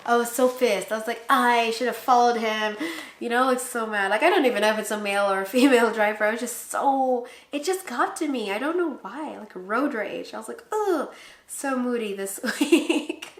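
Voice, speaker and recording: A woman in her twenties from the Philippines talks casually to her viewers with a fairly high voice, breaking into laughs and acting out what people said. The room has a noticeable echo. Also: brisk, few pauses. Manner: chatty, laughs often, acts out quotes. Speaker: pregnancy vlogger. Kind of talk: casual chat to camera. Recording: echoey room.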